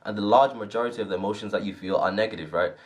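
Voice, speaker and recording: Man, low-pitched, earnest, casual self-help talk, repeats "right?". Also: rapid-fire. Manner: earnest, repetitive, often asks "right?".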